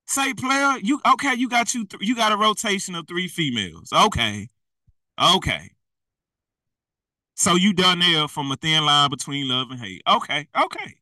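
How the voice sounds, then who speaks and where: A man's voice: sits high, sing-song, brisk, few pauses, pushed and bright, no echo, far from the mic, poor audio. A man preaching in a blunt, slangy, exhorting way, often laughing at himself. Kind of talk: fiery street-style preaching.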